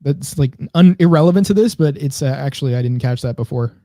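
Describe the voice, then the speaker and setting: A man co-hosting a podcast, casually thinking out loud as he scrolls through and reads posts. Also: mid-range voice, quick pace, no echo, clean studio sound. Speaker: podcast co-host.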